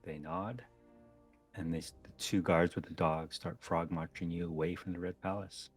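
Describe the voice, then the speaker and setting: A man narrating as game master of a tabletop game, relaxed and chatty with frequent ums and self-corrections. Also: low-pitched, normal speed, gravelly, slightly rough, soft background music.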